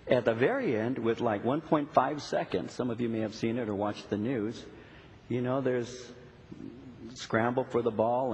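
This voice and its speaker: A middle-aged male pastor preaching a sermon, telling stories animatedly and acting out little dialogues. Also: mid-range voice. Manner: animated storytelling, acts out dialogue. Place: church sanctuary. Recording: long hall reverb, faint noise.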